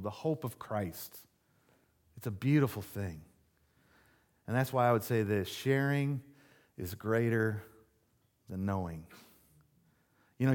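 A man pastor giving a conversational sermon, telling stories and getting more animated as he goes. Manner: conversational preaching, storytelling, rises in pitch when animated.

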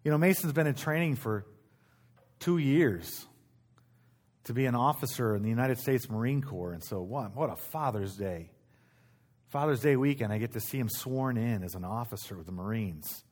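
A man's voice: medium pitch, expressive, moderate pace, darkish tone. A middle-aged man preaching a sermon as pastor, in a conversational way, repeating key phrases and restarting his sentences.

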